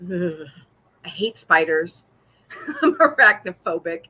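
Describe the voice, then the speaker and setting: A woman's voice: on the low side, big pitch swings, slow, sharp tone, slightly rough. A middle-aged woman from Missouri hosting a casual livestream chat, talking freely, laughing often and answering viewer comments. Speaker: podcast host.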